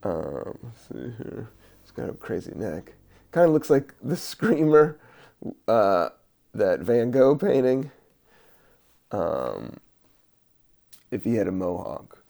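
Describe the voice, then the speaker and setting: A man hosting a podcast, rambling in a relaxed, musing way with many fillers while he doodles. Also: on the low side, vocal fry. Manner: laid-back, slow, musing with many fillers and laughs. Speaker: podcast host.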